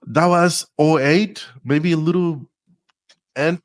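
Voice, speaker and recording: Telling stories as a podcast guest, a Costa Rican man in his forties speaks English with a Costa Rican Spanish accent and a slightly high voice. He goes at a slow pace but stays lively, laughing and frequently starting over. The storytelling interview is recorded dry.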